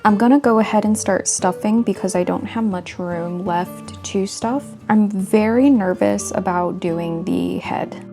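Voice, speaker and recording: A woman with a mellow, soft-toned voice chats through her crochet project in a relaxed vlog voice-over. She sounds earnest and friendly, explaining each step as she goes. Light music plays faintly underneath. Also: mid-range voice, unhurried, creaky. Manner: chatty, earnest, talks through her crafting steps. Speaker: crochet vlogger.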